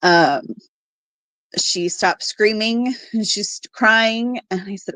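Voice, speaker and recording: A woman's voice: mid-range voice, fairly bright tone, no room sound. Woman telling a painful family story, dry sound. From Alaska. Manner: halting, with fillers and quoted dialogue. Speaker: guest telling her story. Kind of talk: personal story told on a podcast.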